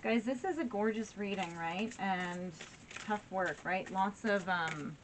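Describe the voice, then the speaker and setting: A woman's voice: medium pitch, a little slow, noisy background. A woman giving a casual tarot reading to her viewers, encouraging and frequently asking "right?" and "okay?". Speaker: tarot reader.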